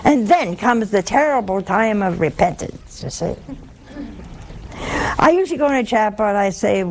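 An older woman gives a religious talk in a gravelly, fry-touched voice. She moves between slow, deliberate quotations and wry little stories. Faint noise sits behind her. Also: mid-range voice, animated, a little mellow. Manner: storytelling, slow deliberate quoting, wry humor. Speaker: preacher.

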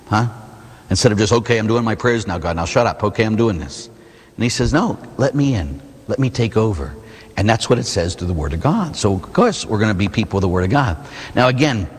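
A man, a Catholic priest, preaching an animated sermon that asks the listeners questions, recorded in a church. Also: mid-range voice, breathy edge. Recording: long reverb in a large hall.

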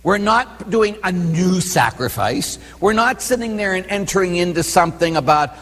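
Brief: male priest, teaching sermon, lively swooping delivery, slightly raspy, long hall reverb. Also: high-pitched, moderate pace, few pauses. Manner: conversational, keeps checking the listeners follow. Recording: long reverb in a large room.

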